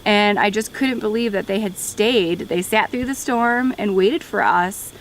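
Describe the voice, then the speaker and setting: Tearful young woman, gravelly voice. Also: medium pitch, measured pace, a little hiss or hum, poor audio. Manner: heartfelt, voice wavering with emotion. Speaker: daughter of the climber. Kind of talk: emotional documentary interview.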